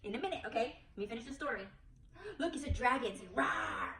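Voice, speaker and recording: A young woman, a preschool teacher, reading a picture book aloud to a toddler in an animated, coaxing, sing-song way. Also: fairly high pitch, racing, roomy sound, recorded from a distance, a crowd in the background, low-quality recording.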